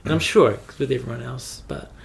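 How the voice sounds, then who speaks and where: Young kiwi guy yarning away, lots of likes and ums, kinda creaky voice. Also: mid-range voice, a little fast. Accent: New Zealand. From New Zealand. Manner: rambling storytelling with frequent "like" and laughs. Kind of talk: casual chat.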